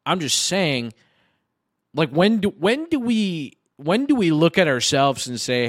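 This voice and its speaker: A mid-twenties man co-hosting a casual podcast, his voice sitting a little high for a man. He rambles, swears freely and restarts his words as he thinks aloud. The sound is dry and close, with no room around it. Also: very animated, a little slow, dry recording. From United States. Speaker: podcast co-host.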